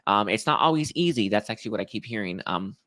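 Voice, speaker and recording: A young man speaks in a bright, forward voice that sits slightly low for a man. He reads tarot cards for his viewers in a halting, emotional way, full of fillers and restarts. The sound is dry and close, with no room around it. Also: lively intonation, no room sound. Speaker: tarot reader.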